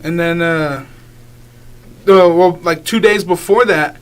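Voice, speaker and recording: A man's voice: a little high, slow, smooth. A young man, a guest singer, talking casually in a radio interview, rambling with lots of filler words and easy laughs. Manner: rambling, many filler likes, laughs easily.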